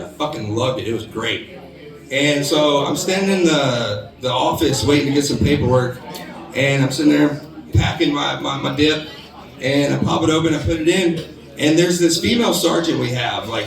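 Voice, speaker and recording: A gravelly, slightly high male voice belongs to a U.S. stand-up working a bar stage in front of a live audience. His set wanders, padded with fillers and capped with crude punchlines. Heard from afar in a roomy bar, the crowd comes through clearly.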